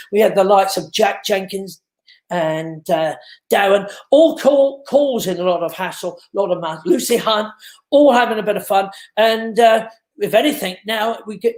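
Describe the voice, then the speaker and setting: A man hosting a casual live stream from his home, chatting, laughing and reading out viewers' names and greetings. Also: high voice. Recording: echoey room.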